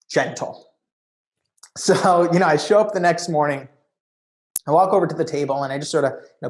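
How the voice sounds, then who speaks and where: A man speaking as a conference keynote speaker, telling a story in an animated way and often saying "you know.". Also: a little high. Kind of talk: storytelling talk.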